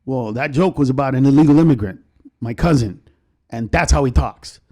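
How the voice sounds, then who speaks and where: A man's voice: mid-range voice, brisk. A male comedian talking as a guest in a casual podcast interview, telling stories animatedly and swearing freely. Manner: animated storyteller, acts out other people's voices.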